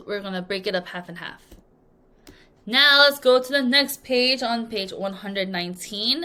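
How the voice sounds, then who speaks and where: A woman teaching an English vocabulary lesson, drilling words clearly with repeat-after-me prompts and acting out examples playfully. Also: mid-range voice, pushed and bright. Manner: playful, acts out example sentences. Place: language school in Korea.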